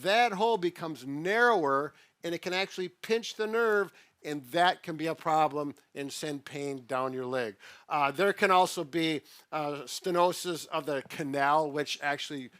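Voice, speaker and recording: A man's voice: on the high side, normal speed, fairly bright tone, no echo. A man who is a physical therapist co-hosting a casual talk, explaining patiently in plain words with frequent filler sounds.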